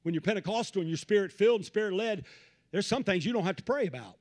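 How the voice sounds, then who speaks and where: A man preaching a Pentecostal sermon, swinging from low asides to shouted peaks and repeating phrases in a rhythmic build. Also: lively intonation, fast. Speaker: pastor.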